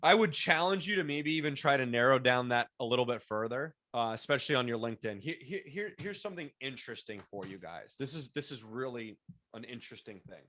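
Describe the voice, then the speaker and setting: A man whose first language is Spanish leads an online workshop over a video call. His voice is bright and forceful, and his talk is coaching, with frequent restarts and repeated words. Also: medium pitch, expressive, fairly quick. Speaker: workshop presenter.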